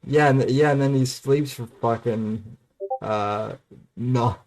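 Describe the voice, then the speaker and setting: A man chatting casually on a livestream, hesitant and halting. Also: medium pitch, darkish tone. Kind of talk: casual group chat on a livestream.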